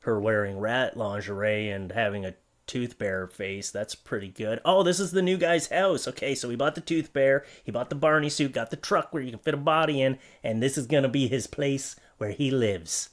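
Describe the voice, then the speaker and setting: A man's voice: mid-range voice, moderate pace. A man giving joking, sarcastic commentary on odd items from online listings, as the host of his comedy channel. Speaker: comedy YouTuber.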